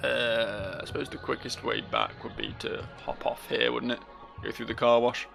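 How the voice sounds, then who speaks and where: A man's voice: mid-range voice, fairly even intonation, normal speed, vocal fry, fairly bright tone, faint music behind. A man casually commenting on a game as he plays, rambling, self-mocking and swearing freely. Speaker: let's play host.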